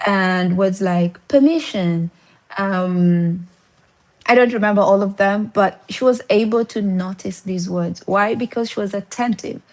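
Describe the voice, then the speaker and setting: A woman's voice: medium pitch, normal speed. A woman teaching English in a casual spoken lesson, full of encouragement, who poses questions and answers them herself.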